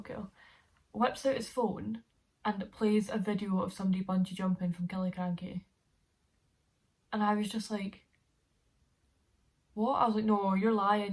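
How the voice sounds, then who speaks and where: Young woman, twenties, vlogger; casual, rambling, giggly storytelling at a mid pitch. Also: a bit bright. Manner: chatty, rambling, laughs often.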